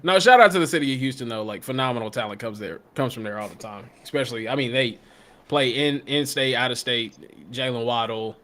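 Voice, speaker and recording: A man's voice: medium pitch, fairly quick, a bit bright. A man co-hosting a casual sports show, teasing and laughing through the banter.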